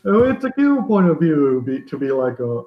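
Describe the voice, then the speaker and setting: A man's voice: fairly high pitch, very animated, normal speed. A man doing an exasperated ranting film director. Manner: exasperated, mocking, profane. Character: irritated male film director ranting at fans. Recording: roomy, dull lo-fi sound.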